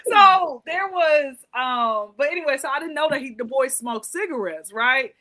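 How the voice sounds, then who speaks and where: Woman, comedy show host, animated high voice, playful teasing, casual banter. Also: fairly quick.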